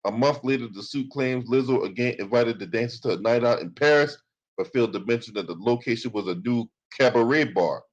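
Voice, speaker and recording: A man's voice: medium pitch, brisk, lo-fi sound. A man hosting a commentary channel, reading from a lawsuit and breaking into profane, sarcastic rants.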